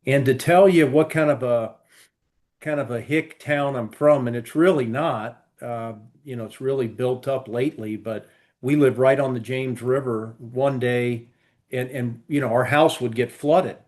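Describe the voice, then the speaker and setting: He's a podcast co-host with a medium-pitched, darkish voice that stays steady and unhurried. In easygoing conversation, he spins long, meandering tales littered with fillers.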